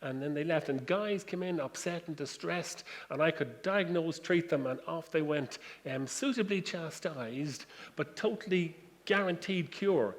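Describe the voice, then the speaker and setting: An Irish man in his sixties giving a humorous talk to an audience, telling stories with self-deprecating wit. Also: on the high side. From Ireland. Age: 60s. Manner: anecdotal, self-deprecating storytelling. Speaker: guest speaker. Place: lecture room with audience. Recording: distant reverberant hall, faint noise.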